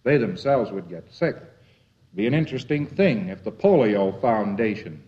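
A man's voice: on the low side, very animated, normal speed, warm tone. A man giving a lecture in a folksy, wry, rambling way. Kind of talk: lecture to a live audience. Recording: dull lo-fi old lecture tape.

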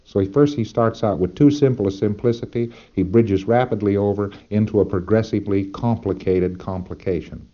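A man's voice: lowish voice, fairly quick, few pauses, warm tone, muffled recording. A man lecturing trainees in a folksy, emphatic way, with rhetorical asides to his listeners.

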